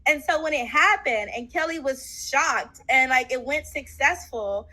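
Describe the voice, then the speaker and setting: A woman's voice: high voice, expressive, a little slow, bright, forceful tone, low-quality recording. A woman guest in an interview, telling her story casually and animatedly, acting out quotes with many fillers.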